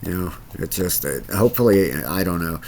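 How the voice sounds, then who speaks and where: A man's voice: sits low, lively intonation, moderate pace, vocal fry, darkish tone. A man hosting his own crypto channel, talking casually through market charts with lots of fillers and restarts. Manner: rambling, many fillers and restarts. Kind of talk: casual screen-share market commentary.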